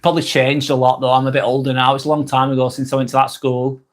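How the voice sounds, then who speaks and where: A man's voice: mid-range voice, level tone, fast talker. A middle-aged man with a Lancashire accent hosting a casual live stream, chatting in a friendly way that repeats itself and trails off while reading out viewer comments. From England.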